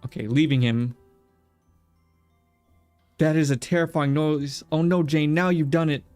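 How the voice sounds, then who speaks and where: A man's voice: a little high, fairly even intonation, a little slow, darkish tone, no room sound. Guy streamer goofing around with chat, dry close mic, faint music behind. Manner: joking, talks to chat and game characters. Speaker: streamer playing a visual novel. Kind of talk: casual let's-play chat.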